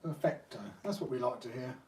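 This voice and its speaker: A man's voice: mid-range voice, a little fast, a little mellow. A man hosting a live hobby stream, chatting casually to viewers while he works on a repair. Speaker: RC hobby channel host. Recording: roomy, distant mic.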